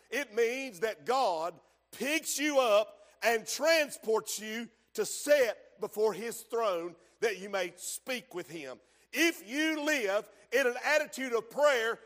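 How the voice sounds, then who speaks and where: A man preaching a sermon, telling stories and dropping from quiet asides to shouted emphasis. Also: high-pitched, long reverb tail.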